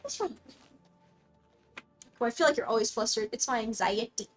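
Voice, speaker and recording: Young woman, fairly high voice, bubbly, excitable, casual stream chat, music playing behind. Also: quick pace. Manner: bubbly, excitable, talks to her dog. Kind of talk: casual live-stream chat reading comments. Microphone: desk mic, dog close by.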